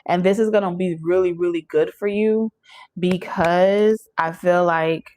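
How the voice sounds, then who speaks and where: A woman's voice: fairly low pitch, steady tone, unhurried, darkish tone. A young woman giving a casual channeled tarot reading, chatty and emphatic, often checking in with "okay?". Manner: chatty, emphatic, addresses listeners directly with frequent "okay?". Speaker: tarot reader.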